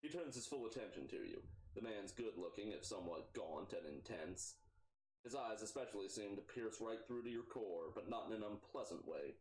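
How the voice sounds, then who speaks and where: Low-voiced man reading a game, echoey. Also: expressive, normal speed, a little mellow. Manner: self-mocking asides. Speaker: let's play narrator. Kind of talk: reading a game's text aloud with jokes. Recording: echoey room.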